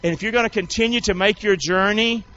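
Male pastor, sermon with call-and-response, higher voice, dull lo-fi room recording. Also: fast talker, pushed and bright, a little hiss or hum. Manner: call-and-response preaching, questions to the congregation. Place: church hall with congregation.

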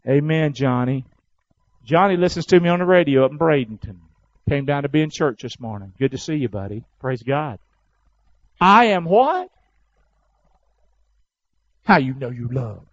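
A man preaching a sermon in church, calling out to the congregation and rising to loud, fervent peaks. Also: medium pitch, a little fast, dry recording, muffled recording. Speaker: pastor.

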